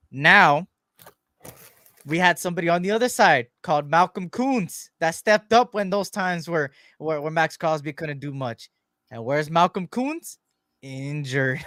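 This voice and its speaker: A man's voice: fairly high pitch, sharp tone, no room sound, studio quality. A man hosting a sports podcast, talking casually with lots of fillers and playful ribbing of his co-host.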